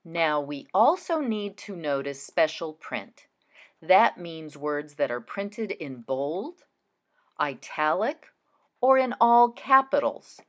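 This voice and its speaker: A woman teacher giving a recorded reading lesson to children, speaking in a deliberate, expressive way as she demonstrates how to read aloud. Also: deep voice.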